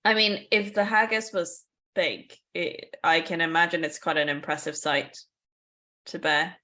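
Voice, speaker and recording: A woman's voice: sits low, fairly even intonation, a little slow, pushed and bright. A woman co-hosting a casual podcast, explaining things in a chatty way with asides and small laughs. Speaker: podcast co-host.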